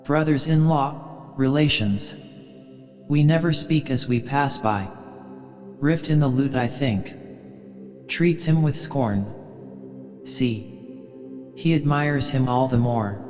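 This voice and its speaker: A man narrating an audiobook in a slow, measured reading. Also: mid-range voice, dull audio. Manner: measured, unhurried reading with long pauses. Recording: long reverb with faint music.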